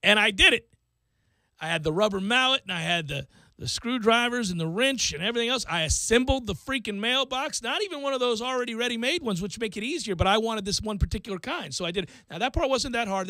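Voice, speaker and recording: A man with a very high, bright, forceful voice hosts a talk radio show and spins an animated, self-mocking story. His voice sits dry and close to a studio microphone. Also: fast talker, no room sound.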